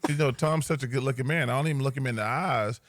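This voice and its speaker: Animated middle-aged male podcast co-host. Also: medium pitch, fast talker, a loud crowd. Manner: rambling, animated storytelling with big laughs. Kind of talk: casual podcast banter.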